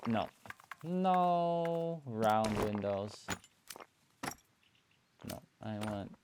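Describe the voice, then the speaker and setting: A man streaming a building game, musing aloud in relaxed commentary and filling pauses with hums and playful nonsense sounds. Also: mid-range voice, background noise. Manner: slow, musing talk to himself, hums and playful filler sounds.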